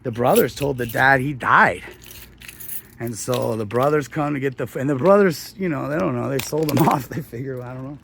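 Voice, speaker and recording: A man's voice: medium pitch, normal speed, creaky, a bit bright, a little hiss or hum. A middle-aged man, a hotel host, retelling a Bible story in a loose, slangy, rambling way. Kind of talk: casual storytelling.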